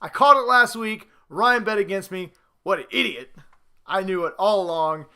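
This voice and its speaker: Excitable, boastful man with a bright voice. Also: high voice, moderate pace, clean tone. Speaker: host. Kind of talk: casual sports commentary vlog.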